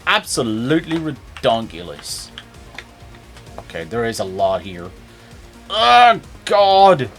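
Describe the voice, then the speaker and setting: A man's voice: fairly low pitch, big pitch swings, unhurried, fairly bright tone, faint music behind. A man chatting and joking casually while streaming a game. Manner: joking, rambling, playful. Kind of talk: casual gameplay stream chat.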